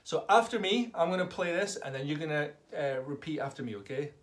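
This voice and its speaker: A man's voice: a little high, expressive, fairly quick. A man teaching a tabla lesson to children, enthusiastically calling out drum syllables for them to repeat. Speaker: tabla tutor. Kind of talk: online music lesson for children.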